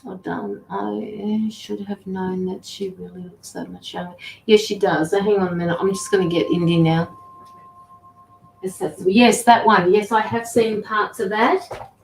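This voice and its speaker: A woman's voice: mid-range voice, fairly even intonation, unhurried, gravelly, slight background noise. A woman hosting a casual livestream as a tarot reader and medium, chatting affectionately with viewers and fussing over her dogs. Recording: roomy echo with faint music.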